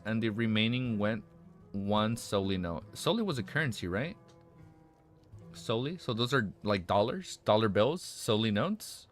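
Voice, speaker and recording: A man with a raspy voice reads a web novel aloud, stumbling over words, rereading lines and breaking off into excited asides. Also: mid-range voice. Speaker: streamer reading a web novel aloud and reacting. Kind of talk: casual reading with live reactions.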